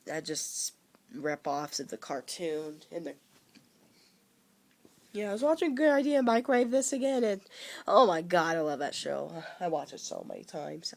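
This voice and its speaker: A young man in his teens with a cold, rambling casually about movies he likes and dislikes, with frequent halting restarts. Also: on the high side, vocal fry. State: coming down with a cold. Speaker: vlogger.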